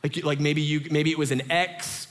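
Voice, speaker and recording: A man in his thirties, a pastor giving a sermon in a chatty, animated storytelling way. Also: a little high, normal speed, big-room sound. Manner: animated, conversational storytelling with lots of fillers.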